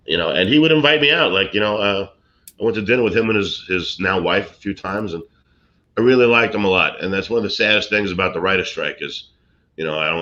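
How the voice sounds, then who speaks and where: A middle-aged man from Brooklyn tells showbiz stories in a rambling, easygoing way, circling back with restarts and fillers. His voice sits fairly low but has a tense, bright edge. The recording sounds dull and lo-fi. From Brooklyn, USA. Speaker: actor and comedian guest. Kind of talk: casual chat, anecdotes.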